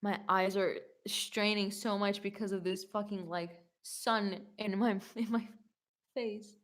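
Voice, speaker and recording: A young woman, a YouTube singer answering fan questions, reads viewer comments aloud in a casual Q&A video and replies in a chatty, rambling way, full of "like" and quick self-corrections. Her voice is medium-pitched and her tone steady.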